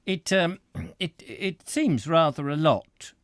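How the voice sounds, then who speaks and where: A man's voice: on the high side, takes it slowly, no room sound, clean studio sound, voice pushed up. A man voicing a nervous, sulky schoolmaster who stammers in an audiobook reading. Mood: flustered. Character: flustered, stammering male schoolmaster. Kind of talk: audiobook character voice.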